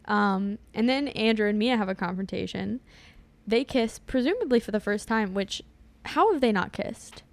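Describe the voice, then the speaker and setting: A woman's voice: mid-range voice, animated, normal speed, no room sound. A woman casually recapping a movie in a chatty, wry way, laughing often as she talks. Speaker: podcast co-host.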